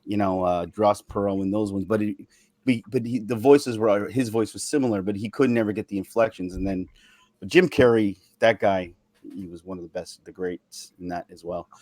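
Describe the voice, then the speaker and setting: Man, podcast host, casual chat, long explanations, lively swinging pitch, dry close mic. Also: normal speed, no echo.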